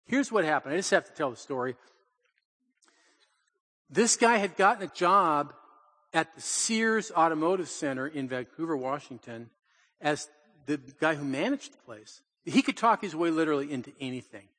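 An older man, a pastor, telling family stories in a lively sermon, acting out quotes and laughing often. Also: fairly high pitch, normal speed, big-room sound. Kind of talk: storytelling sermon. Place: church in Portland.

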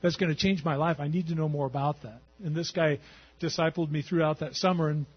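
A middle-aged man telling his personal faith testimony in a conversational, halting way, with fillers and restarts. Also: fairly high pitch, steady tone, breathy edge. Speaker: Christian testimony speaker. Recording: dull lo-fi sound.

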